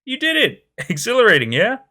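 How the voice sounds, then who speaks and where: A man voicing a reckless young man who is high, carefree and slurring his words. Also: sing-song, slow pace, creaky, sharp tone, exaggerated voice.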